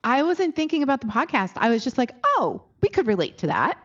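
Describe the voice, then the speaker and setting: A woman co-hosting a podcast chats along in an easygoing, affirming way. Her voice sits a little on the high side. The recording sounds somewhat dull and lo-fi. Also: big pitch swings, brisk. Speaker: podcast co-host. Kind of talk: casual podcast chat.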